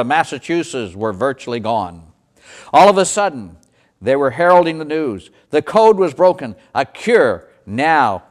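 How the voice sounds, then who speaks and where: A man preaching, telling a dramatic first-person story as a sermon illustration. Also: on the high side. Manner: dramatic storytelling, voicing the characters.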